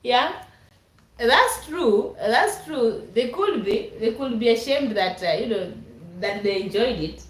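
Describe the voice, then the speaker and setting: Woman on a livestream reading chat out loud, talks slow, laughs a lot, kinda echoey room. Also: fairly high pitch, animated. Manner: chatty, laughs often, reads comments aloud. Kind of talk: casual live chat. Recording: roomy echo.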